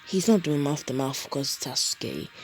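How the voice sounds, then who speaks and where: A man's voice: medium pitch, expressive, a little slow, soft background music, rough recording. A young man casually retelling a fan story, rambling with fillers and asides.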